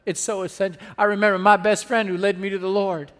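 High-voiced man preaching in a reverberant hall. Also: little pitch movement, fast talker. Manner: preaching with call-and-response asides, swinging from hushed to loud. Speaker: pastor. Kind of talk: sermon.

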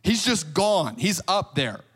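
Male preacher, high voice, casual storyteller who acts out the quotes, long hall echo. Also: very animated, slow, fairly bright tone, husky. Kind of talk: sermon.

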